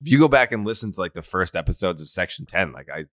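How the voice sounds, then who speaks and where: A man in his thirties from Massachusetts' North Shore, hosting a casual podcast chat with self-mocking humor and frequent throat clearing. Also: deep voice, big pitch swings, fast, fairly bright tone, no echo. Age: 30s. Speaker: podcast host.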